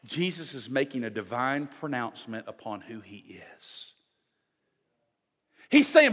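A man's voice: mid-range voice, sing-song, measured pace, pauses often, a bit bright. A man preaching a sermon with emphasis, often turning to the congregation with direct questions. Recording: long reverb of a large hall.

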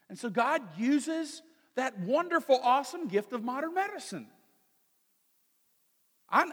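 A male pastor preaching in a church sanctuary, his fairly high voice carried by a long hall reverb. He reads scripture and then explains it earnestly. He slows down and grows louder when he stresses a point. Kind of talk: sermon with scripture reading.

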